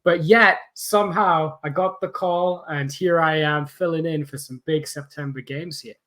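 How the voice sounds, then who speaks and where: A man's voice: fairly high pitch, steady tone, moderate pace, fairly bright tone. A man co-hosting a casual sports podcast, friendly and lightly self-deprecating. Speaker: podcast co-host.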